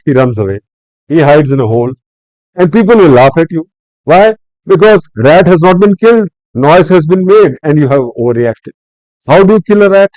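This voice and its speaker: An older man with an Indian English accent tells stories with a lively, swinging delivery that keeps rising and falling. He has a mellow, somewhat high voice. The sound is close and dry, with no room around it. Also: no room sound, rough recording. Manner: animated, acts out angry quotes, lecturing. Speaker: retired civil servant guest. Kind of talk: storytelling in a podcast interview.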